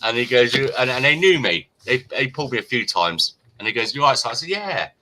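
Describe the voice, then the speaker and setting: A man's voice: mid-range voice, fairly quick, low-quality recording. A man with an English accent, co-hosting a casual livestream chat and telling stories animatedly. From England. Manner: animated storytelling with laughs. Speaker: livestream co-host.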